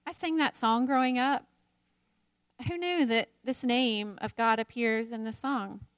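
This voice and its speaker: A woman in her thirties teaches a Bible study in a slightly high voice, candid and self-deprecating, breaking into laughter often. The sound is dry and close, with no room around it. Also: unhurried, no echo.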